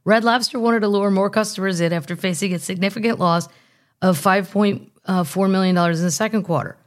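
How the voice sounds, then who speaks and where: A woman's voice: mid-range voice, brisk. A woman hosting a podcast, chatting casually and reading news aloud with jokey asides. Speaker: podcast host. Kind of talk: casual comedic chat.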